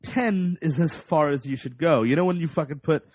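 A man's voice: on the high side, normal speed, darkish tone, no room sound. A man co-hosting a casual film review podcast, sarcastic and swearing freely. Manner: sarcastic, profane, laughing. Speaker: podcast co-host.

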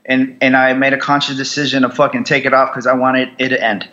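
An American combat veteran, a guest on a podcast, tells his story in a raw, profane way full of restarts and fillers. He talks fast in a mid-range, level voice that sounds pushed and bright, though the highs are cut off. The talk is a candid storytelling interview.

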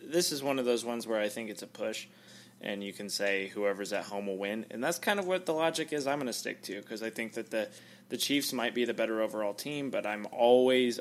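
A man co-hosting a sports podcast, weighing game picks in casual talk with halting starts. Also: on the low side, a little hiss or hum.

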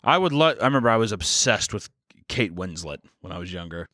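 Lively, profane male podcast co-host. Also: fairly low pitch, brisk, dry recording, clean studio sound. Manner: profane, joking, animated storytelling. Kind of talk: casual comedic chat.

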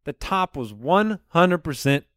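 A man's voice: fairly high pitch, sing-song, a little slow, fairly bright tone, no room sound, studio quality. A man co-hosting a comedy podcast, telling stories in casual chat and acting out his own thoughts. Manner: storytelling, acts out his own inner voice. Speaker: podcast co-host.

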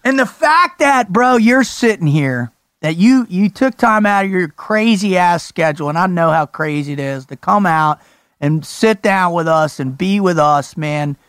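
A high-pitched man hosts a podcast with a voice that leaps all over the place. He is hyped and loud, laughs a lot and swears casually. The sound is close and dry. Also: expressive, measured pace, smooth, no room sound. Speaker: podcast host. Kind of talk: energetic podcast conversation.

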